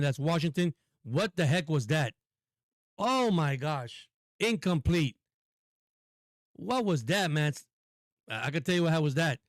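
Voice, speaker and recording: A man calling a football game play-by-play for a live stream in a casual, excitable, chatty way. His voice is mid-pitched and dry, close to the mic. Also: no echo. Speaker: sports stream host.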